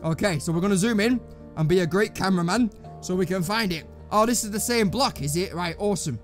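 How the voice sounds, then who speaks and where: Guy in his 20s rambling through a game, swears a bit, high lively voice, faint music. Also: quick pace. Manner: rambling, jokey, swears casually. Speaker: gaming channel host. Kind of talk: let's play commentary.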